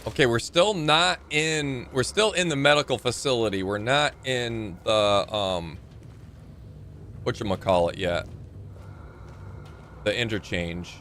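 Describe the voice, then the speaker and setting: A man's voice: mid-range voice, animated, a little slow, long pauses, fairly bright tone, a little hiss or hum. A man casually commenting while he plays a video game live, rambling and reading in-game notes aloud. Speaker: streamer.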